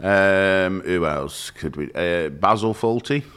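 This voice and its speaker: A man's voice: sits low, slow pace, fairly bright tone, smooth. An easygoing man, co-hosting a casual chat podcast and laughing along as he reminisces. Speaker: podcast co-host.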